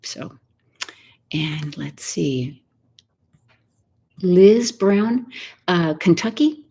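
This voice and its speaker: An older woman hosting a soft-spoken ASMR live chat from her home, greeting viewers and often slipping into a whisper. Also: lowish voice, animated, husky. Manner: soft and unhurried, slipping into whispers while reading viewer comments. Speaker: ASMR host. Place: home, Texas.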